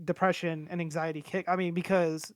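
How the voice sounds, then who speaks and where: A man's voice: a little high, level tone, brisk, no room sound, studio quality. A man in his twenties chatting casually on a podcast, rambling and candid, swearing freely as he talks. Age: 20s. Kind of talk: casual chat.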